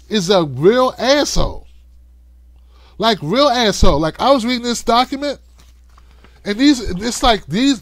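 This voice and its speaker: A man hosting a livestream of political commentary, talking in an animated, conversational way and cussing freely. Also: high-pitched, dry recording. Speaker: host.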